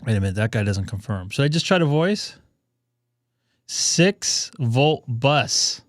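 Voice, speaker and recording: A man's voice: medium pitch, animated, unhurried, dry recording, clean studio sound. A man hosting a ham radio live stream, chatting casually and thinking aloud with plenty of fillers.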